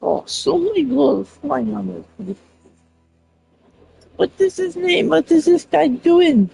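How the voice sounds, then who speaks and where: A woman's voice: high voice, lively intonation, slow pace, creaky, mellow, soft background music, rough recording. A woman giving silly, sing-song commentary while playing a video game, repeating phrases playfully. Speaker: gameplay streamer.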